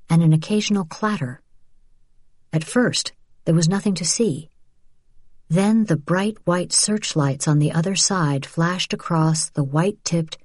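A woman reading a novel aloud as an audiobook narrator, in even, measured storytelling. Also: low-pitched, husky, no room sound, studio quality. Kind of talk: scripted narration.

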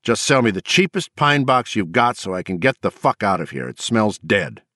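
A cold, furious woman who snaps her words short and swears freely, as a man reads her out. Her pitch sits a little higher than his own deep voice, still low for a woman, in a dry close sound. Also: sing-song, normal speed, sharp tone, dry recording, full character voice. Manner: barking, clipped, profane. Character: curt, furious grown woman.

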